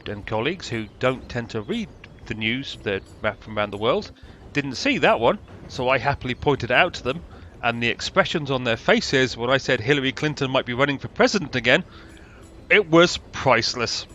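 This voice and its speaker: A man's voice: medium pitch, animated, normal speed, bright, forceful tone, a little hiss or hum. A British man giving casual, rambling commentary over a train management game, with a dry, sarcastic manner. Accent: British English. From Britain. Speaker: gameplay commentator.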